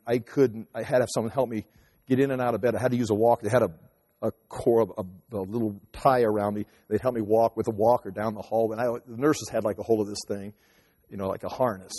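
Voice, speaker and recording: A man in his fifties telling a personal story casually, rambling with many halting restarts. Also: medium pitch, a little mellow. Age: 50s. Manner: rambling, halting restarts, acts out voices in quotes. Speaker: teacher and speaker. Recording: long hall reverb.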